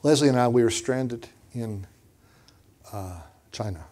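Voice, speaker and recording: A man preaching and telling a personal story in a lively way, often repeating words and acting out what others said. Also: mid-range voice, a little slow. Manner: animated, repeats words, acts out quotes. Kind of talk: storytelling sermon.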